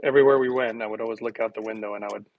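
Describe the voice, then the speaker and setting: A man's voice: fairly low pitch, steady tone, racing, narrow, tinny audio. A middle-aged man from the United States chatting casually to his viewers at home. He rambles, chuckles often and pokes fun at himself. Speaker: vlogger.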